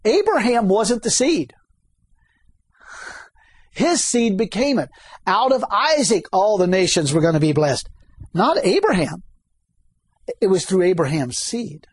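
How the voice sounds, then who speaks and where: A man's voice: high-pitched, sing-song, unhurried, long pauses, husky, no echo. A man preaching a sermon, reading scripture aloud and asking the congregation questions.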